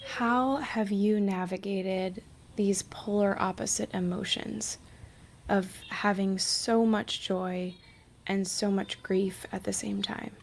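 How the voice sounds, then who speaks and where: A woman hosting a podcast who asks gentle questions and offers soft listening responses. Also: medium pitch, fairly even intonation, slow pace, creaky, slight background noise. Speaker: podcast host. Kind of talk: interviewing with brief listening responses.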